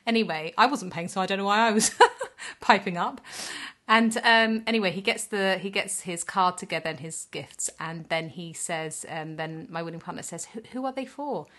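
A woman's voice: on the low side, normal speed. A woman in her thirties co-hosting a podcast, telling stories animatedly and acting out the quotes. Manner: animated storyteller who acts out quotes. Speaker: podcast co-host. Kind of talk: casual storytelling chat.

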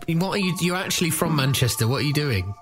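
A man co-hosting a comedy podcast, teasing his partner and plugging a gig in casual banter. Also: fairly high pitch. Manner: playful, teasing, quick plugs.

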